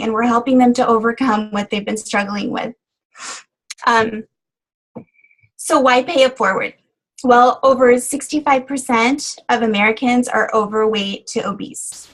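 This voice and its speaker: A woman's voice: on the high side, low-quality recording. A middle-aged woman health coach sharing her story on a call, earnest and choked up, with many fillers. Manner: earnest, emotional, frequent fillers. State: tearful, choked up. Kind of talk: motivational testimonial on a conference call. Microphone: phone call.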